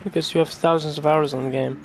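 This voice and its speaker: A man's voice: on the high side, steady tone, fast, faint music behind. Blunt man in casual chat.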